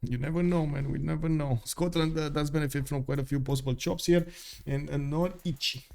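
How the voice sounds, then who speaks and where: A man's voice: on the high side, fairly even intonation, quick pace, gravelly, warm tone. A man giving live esports commentary on a stream, talking casually with lots of "uh" fillers and asides to viewers. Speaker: stream caster for a strategy game tournament.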